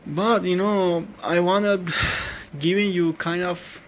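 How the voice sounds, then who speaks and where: A man with a slightly high voice gives casual feedback on someone's speaking, his English phrasing clearly non-native. He talks slowly and haltingly, breaking off and correcting himself again and again with "no." Faint background noise sits behind him. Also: steady tone, low-quality recording. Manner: halting, frequent restarts and self-corrections with "no". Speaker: listener giving speaking feedback.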